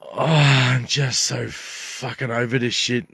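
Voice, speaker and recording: A man's voice: medium pitch, steady tone, slow pace, vocal fry, a bit bright, breathy edge, dry recording, studio quality. An older Australian man ranting to camera at a bush campsite, indignant and rambling, swearing heavily. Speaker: vlogger. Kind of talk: angry rant to camera.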